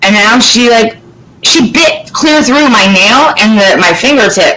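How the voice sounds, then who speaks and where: A woman from Florida in casual chat as host, telling lively stories and swearing freely. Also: on the high side, measured pace, background noise. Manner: animated storytelling, swears freely.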